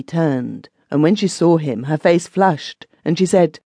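A woman narrating a classic short story as an audiobook reader, in an expressive storytelling manner. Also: sits low, measured pace, dry recording. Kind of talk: scripted narration.

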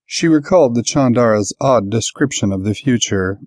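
A man narrating a science-fiction audiobook in a measured, even storytelling manner on a close studio mic. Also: medium pitch, dry recording. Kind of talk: scripted narration.

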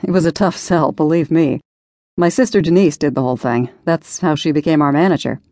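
A woman's voice: low-pitched, fairly quick, darkish tone, dry recording, studio quality, lightly acted. A woman voicing a charming young male singer who talks in an easygoing, slightly sheepish way.

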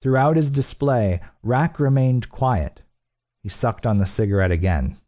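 Dark-voiced male audiobook narrator. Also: mid-range voice, unhurried. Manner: steady, blunt, profane delivery. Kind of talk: scripted narration.

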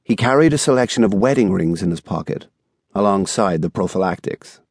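A man reading a thriller audiobook in a measured, even storytelling style, recorded on a studio microphone. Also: low voice, no room sound. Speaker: audiobook narrator. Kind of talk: scripted narration.

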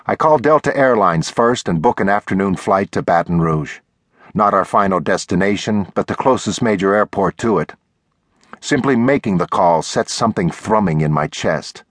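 A man narrating a thriller audiobook in the first person, measured and deliberate, recorded on a close studio mic. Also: on the low side, animated, a bit bright, no room sound.

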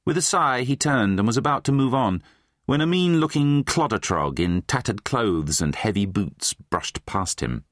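A man's voice: mid-range voice, moderate pace, no room sound, studio quality. A man narrating a children's fantasy audiobook, reading expressively. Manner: expressive, voices many characters. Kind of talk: scripted storybook narration.

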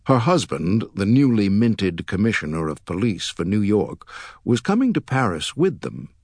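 A man narrating a thriller audiobook in a measured, expressive storytelling way, recorded on a close studio mic. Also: lowish voice, dry recording. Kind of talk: scripted narration.

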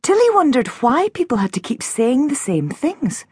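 A woman narrating a children's audiobook in an expressive storytelling manner on a close studio mic. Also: high-pitched, moderate pace, husky, no room sound.

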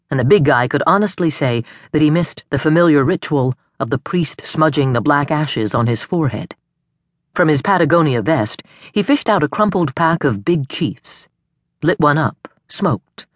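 Recorded echo-free on a studio mic, a deep-voiced woman reads a suspense audiobook with measured, expressive storytelling.

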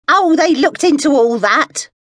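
A woman's voice: high-pitched, expressive, unhurried, no room sound, voice pushed up. A woman voicing a querulous, pushy older woman on the phone, whiny and impatient, for an audiobook. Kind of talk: audiobook dialogue.

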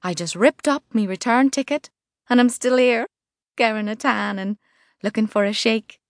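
A woman voicing a brash, chatty expat woman with a Liverpool accent in an audiobook, loud and cheeky. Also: on the high side, normal speed, dry recording, clean studio sound, close to an everyday voice. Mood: gossipy. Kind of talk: audiobook character voice.

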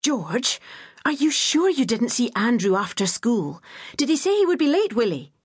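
A woman's voice: medium pitch, very animated, moderate pace, breathy edge, no room sound, clean studio sound. A woman narrator voicing an anxious working mother who fires off urgent questions.

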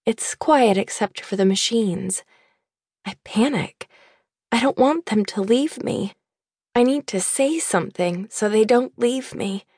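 A woman reading a first-person novel aloud in a soft, measured, intimate way. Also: fairly high pitch, lively intonation, no room sound, clean studio sound. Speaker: audiobook narrator. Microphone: close studio mic.

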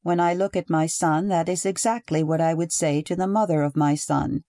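A woman reading the lines of a calm, precise young husband who speaks in slow, measured words. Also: on the high side, no room sound, studio quality, close to an everyday voice. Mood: calm, detached.

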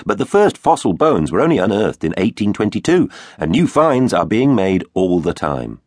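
Deep, animated male narrator for a kids' adventure story, playful and theatrical, dry close studio sound. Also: moderate pace, dry recording. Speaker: audiobook narrator. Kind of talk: children's audiobook narration.

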